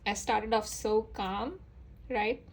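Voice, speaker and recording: A woman giving a casual tarot reading straight to her viewers, chatty and full of fillers, her voice rising as she gets excited. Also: medium pitch, slow pace, gravelly, rough recording. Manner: excitable, voice rises with enthusiasm. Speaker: tarot reader.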